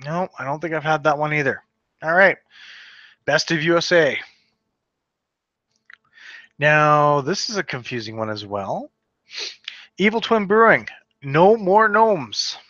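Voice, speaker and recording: A man's voice: on the high side, unhurried, long pauses, pushed and bright, no echo, highs cut off. A man from Western Canada hosting a casual solo podcast, reading out a list and stumbling over names with offhand asides. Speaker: podcast host.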